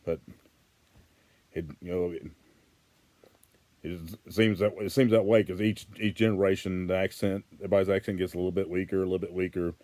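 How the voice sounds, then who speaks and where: A man's voice: sits low, flat delivery, brisk, pauses often, a little mellow, dry recording. A man with a Western Arkansas accent, talking casually to camera in a rambling, plainspoken way that repeats and restarts. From Arkansas, USA. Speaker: vlogger.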